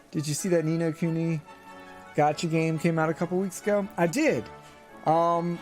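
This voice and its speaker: Relaxed male live streamer, chatty, slightly raised pitch, over faint music. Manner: relaxed, chatty, frequent fillers. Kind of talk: casual live gaming chat.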